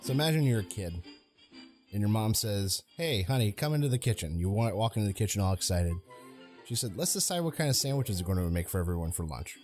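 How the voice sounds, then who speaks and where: Over soft background music, a man in his thirties with a fairly low voice talks at a quick pace. He co-hosts a laid-back podcast, telling stories with animation and acting out voices.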